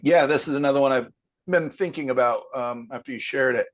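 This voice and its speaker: An easygoing male painting instructor talks through a student's picture in a relaxed class critique. His voice sits at an ordinary middle pitch. He thinks aloud, pausing often and tossing in light jokes. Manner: thinking aloud with many fillers; easygoing, joking.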